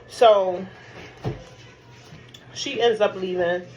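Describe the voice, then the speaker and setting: A woman in her thirties telling a casual storytime vlog over a meal at home, animated and blunt, cursing freely and laughing often. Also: medium pitch, a little slow, slight background noise, low-quality recording. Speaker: vlogger. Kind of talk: casual storytime while eating.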